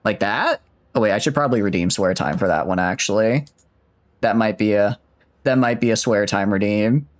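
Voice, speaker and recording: A man's voice: on the low side, normal speed. A man in his twenties chatting casually with viewers while streaming a game, rambling and joking at himself. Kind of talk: casual gaming stream chat.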